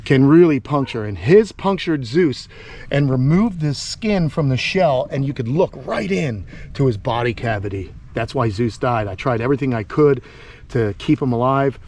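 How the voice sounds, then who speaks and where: A middle-aged man from Long Island hosting a casual vlog outdoors by a tortoise enclosure, rambling and excitable with lots of fillers. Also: medium pitch, moderate pace. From Long Island, New York. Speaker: host, tortoise keeper.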